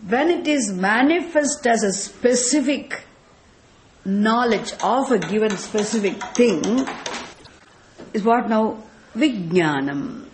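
A woman's voice: on the high side, slow, pauses often, slight background noise. A woman from South India with a South Indian accent, giving a scriptural lecture as a spiritual teacher and quizzing her listeners with rhetorical questions about Sanskrit terms. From Tamil Nadu, India.

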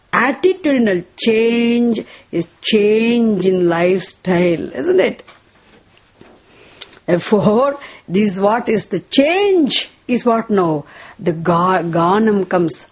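Slow, husky woman teaching scripture. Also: medium pitch, a little mellow. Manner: slow, repetitive teaching with rhetorical questions. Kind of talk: spoken scripture lesson with chanted verses.

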